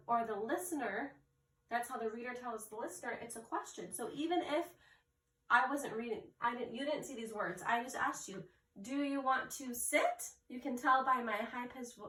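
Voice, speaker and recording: A woman teacher giving an early reading lesson, sounding out and spelling words slowly and carefully. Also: fairly high pitch, a bit bright. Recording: echoey room, mic at a distance.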